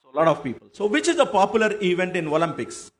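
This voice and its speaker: A man's voice: sits high, sing-song, fast. A man giving a motivational talk to students, asking the audience questions and answering them himself. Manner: tells an anecdote with quoted dialogue. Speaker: motivational speaker addressing students.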